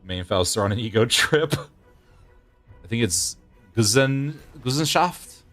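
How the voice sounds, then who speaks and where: A man's voice: lowish voice, expressive, slow, a bit bright, faint music behind. A man in his thirties, a streamer, chatting casually with viewers while he plays a game. He rambles, often restarts his sentences and laughs a lot. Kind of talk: casual gameplay chat with viewers.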